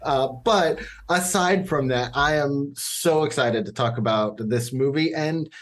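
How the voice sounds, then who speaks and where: A man's voice: mid-range voice, a little slow. A male podcast host with a mid-range voice opens the show. He talks with eager enthusiasm, rambling through his introduction with plenty of fillers. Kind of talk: casual podcast chat.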